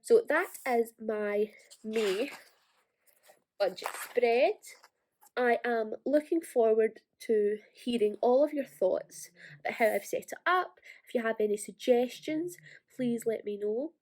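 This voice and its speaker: Young Ayrshire Scottish woman, slightly high voice, quick chatty vlogger delivery. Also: a little mellow. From Scotland. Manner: fast, chatty, self-deprecating. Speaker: planner vlogger. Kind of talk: casual tutorial walkthrough.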